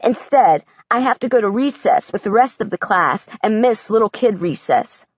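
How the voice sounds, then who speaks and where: A woman's voice: medium pitch, dry recording. Woman narrating an audiobook, dry and muffled. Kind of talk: first-person audiobook narration.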